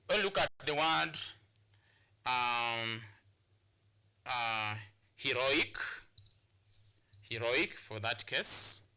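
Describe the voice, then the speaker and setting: A man's voice: medium pitch, sharp tone. A man with a Kenyan English accent teaching a lesson on word and sentence stress, repeating words and restarting phrases as he explains. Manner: repetitive, restarts phrases, drills words aloud. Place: studio or classroom for educational broadcast.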